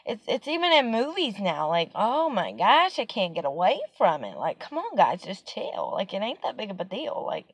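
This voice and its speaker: A woman's voice: mid-range voice, huge pitch swings, moderate pace, hardly any pauses, breathy edge, no echo. A young woman talking casually in her home vlog, venting with exasperation and lots of "like". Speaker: vlogger.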